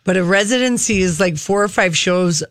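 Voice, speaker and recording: A woman's voice: medium pitch, normal speed, no room sound, studio quality. A woman co-hosting a radio show, chatting casually and giving strong opinions. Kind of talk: casual chat.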